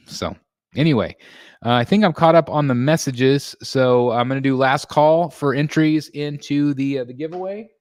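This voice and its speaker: A man's voice: mid-range voice, normal speed, a little mellow, no echo, clean studio sound. A man hosting a casual collectors' livestream, reading chat messages and answering in a rambling way with many ums and restarts. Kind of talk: casual live-stream chat.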